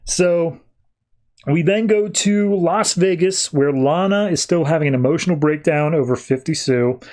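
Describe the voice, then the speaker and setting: A man hosting a podcast, casually recapping comic book stories in an animated way, slipping into quoted dialogue. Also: on the high side, moderate pace. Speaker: podcast host.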